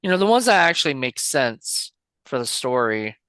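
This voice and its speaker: A man's voice: mid-range voice, sing-song, normal speed, sharp tone, clean tone, no echo. A man co-hosting a podcast, talking about movies in a loose, rambling way with lots of filler words and casual swearing. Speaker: podcast co-host. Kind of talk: casual film chat.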